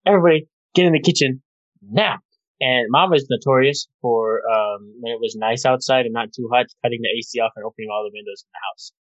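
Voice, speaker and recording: A man's voice: mid-range voice, fairly even intonation, quick pace, few pauses, a bit bright, dull audio. A man telling a family story to his siblings in a casual chat, swearing freely and acting out the quotes.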